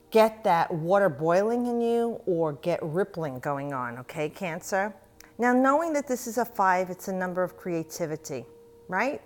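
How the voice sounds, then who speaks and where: A middle-aged woman giving a tarot reading, talking straight to the viewer in an encouraging way. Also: fairly low pitch. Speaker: tarot reader.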